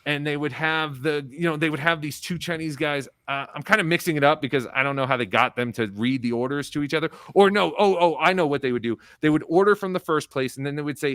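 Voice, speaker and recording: A man's voice: fairly high pitch, fast talker, hardly any pauses, a bit bright, no echo, clean studio sound. Rambling, foul-mouthed male comedian guest. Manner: rambling, profane storyteller. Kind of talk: casual live-stream interview.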